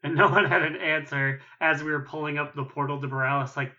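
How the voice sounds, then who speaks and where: A man's voice: fairly high pitch, steady tone, fast talker, hardly any pauses, bright, forceful tone. A man co-hosting a gaming podcast, bantering playfully and laughing often. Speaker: podcast co-host. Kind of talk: casual chat. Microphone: recording booth. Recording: dull lo-fi sound.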